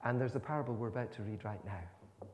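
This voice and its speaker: A man's voice: medium pitch, fast, a little mellow. A man preaching a sermon in a church, explaining in a conversational way with asides. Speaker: minister. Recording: long church reverb.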